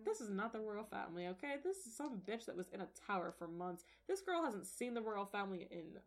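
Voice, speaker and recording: A woman's voice: medium pitch, big pitch swings, brisk. Woman doing a scornful, foul-mouthed young woman. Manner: scornful, profane. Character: snarky, blunt young woman.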